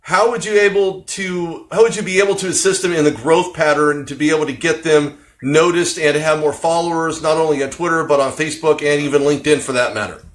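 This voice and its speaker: A man's voice: on the high side, a little fast, few pauses. A man hosting a live-streamed interview show, asking long rambling questions with lots of energy. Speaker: host.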